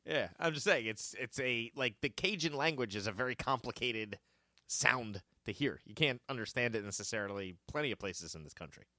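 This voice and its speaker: Bright, jokey man hosting a trivia quiz. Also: medium pitch, lively intonation, a little fast, dry recording, studio quality. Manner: jokey, laughs a lot, reads quiz questions with emphasis. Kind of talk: casual chat.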